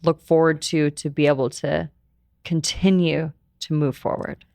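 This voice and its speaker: A woman podcast host asking gentle, thoughtful questions, often restarting her sentences. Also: sits low, steady tone, a little slow, creaky, dry recording, clean studio sound. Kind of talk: interview conversation.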